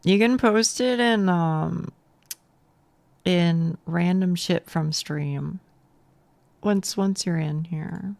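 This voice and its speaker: Young woman streamer, low gravelly fry, talks slow and stammery, dry close mic. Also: darkish tone, dry recording. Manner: self-deprecating, stammering restarts, swears casually. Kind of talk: casual gaming stream chat.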